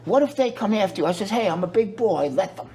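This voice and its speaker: A man's voice: sits high, animated, fast talker, darkish tone, a little hiss or hum. A middle-aged man, a guest telling stories in a profane, joking way and acting out the people he quotes. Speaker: interview guest. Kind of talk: casual storytelling.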